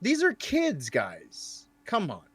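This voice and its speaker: Male co-host, fairly high and lively pitch, laid-back, dry close recording. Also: takes it slowly, husky, no echo. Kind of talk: casual chat.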